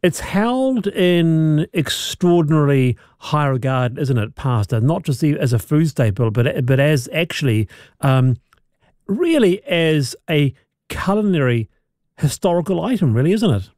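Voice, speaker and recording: A man's voice: on the high side, lively intonation, unhurried, a little mellow, dry recording, studio quality. A man hosting a radio interview, asking conversational questions with hesitant restarts. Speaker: radio host.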